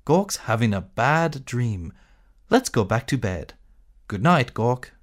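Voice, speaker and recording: Man playing mocking kangaroos, raised pitch, slow and lively.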